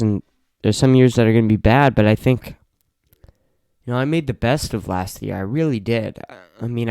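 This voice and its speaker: A man's voice: lowish voice, mellow, clean tone, no echo. A teenage guy hosting his own podcast, venting with lots of swearing and repetition in a casual solo rant from a home podcast room. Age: late teens. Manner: profane, venting frustration, repeats himself. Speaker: podcast host.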